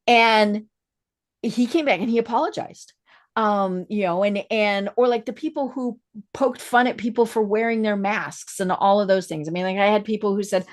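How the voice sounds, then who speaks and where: A woman hosting a podcast, talking frankly about personal experiences and listening with steady agreement. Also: medium pitch, normal speed. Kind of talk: casual podcast conversation.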